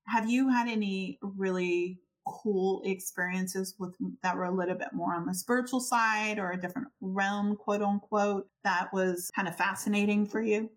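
A woman co-hosting a podcast in casual conversation. She tells her stories in an animated way, acts out what people said, and laughs often. Her voice sits at a middle pitch. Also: normal speed, few pauses. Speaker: podcast co-host.

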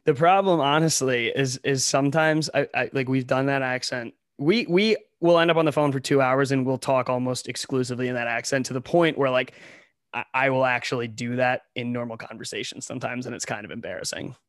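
A man's voice: mid-range voice, fairly even intonation, brisk, no room sound, clean studio sound. A young man from Ohio co-hosting a comedy podcast in a casual chat, full of sarcastic, ironic riffs. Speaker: podcast co-host.

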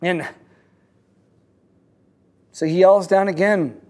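A man with a notably high voice tells a parable in a sermon. He talks haltingly, often doubling words and restarting his sentences as he goes. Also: expressive. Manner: halting, frequent word repeats and restarts. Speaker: speaker telling a fable.

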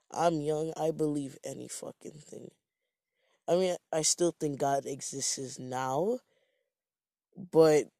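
Male storyteller from Jamaica, higher-pitched, unhurried, profane and rambling, dry sound. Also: vocal fry, darkish tone, no echo. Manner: rambling, profane, self-mocking. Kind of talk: casual storytime monologue.

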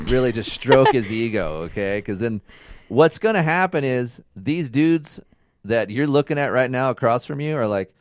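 A man's voice: mid-range voice, very animated, unhurried, no room sound, clean studio sound. A man co-hosting a casual podcast with his partner, giving blunt, profane advice in a lecturing way. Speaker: podcast co-host. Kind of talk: casual couple chat.

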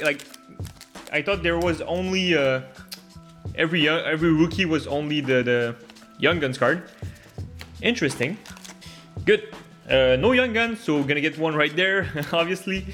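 A man giving casual commentary while opening hockey card packs, laughing often and bursting into loud gasps and swearing over good pulls. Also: fairly high pitch.

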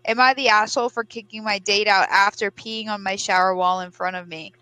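A woman's voice: medium pitch, steady tone, brisk, sharp tone, clean tone, rough recording. A young woman co-hosting a podcast, reading a post aloud in casual chat, blunt and swearing freely. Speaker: podcast co-host.

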